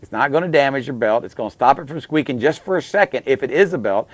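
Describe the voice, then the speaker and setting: A man's voice: mid-range voice, lively intonation, fast, no echo. A middle-aged man hosting a call-in car advice show, giving folksy, repetitive, plain-spoken repair tips. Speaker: radio show host, auto technician.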